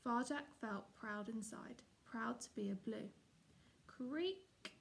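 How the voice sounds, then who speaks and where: A woman teacher reads a children's novel aloud for home learning, steady and expressive. Her voice is gravelly and sits a little high. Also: slow pace, slight background noise. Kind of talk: storybook read-aloud.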